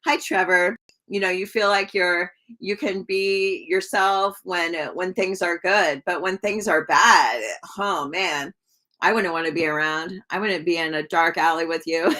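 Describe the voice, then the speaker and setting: A tarot reader with a fairly low, steady, slightly bright voice speaks a little slowly during a live reading. She talks casually and rambles with many fillers, chatting with viewers and greeting them by name as she reads.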